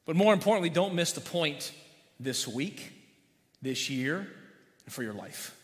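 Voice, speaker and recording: A pastor preaches a folksy sermon in a church sanctuary, cracking jokes and putting questions to the congregation. His fairly high voice has lively intonation and an unhurried pace, with long reverb from the church hall.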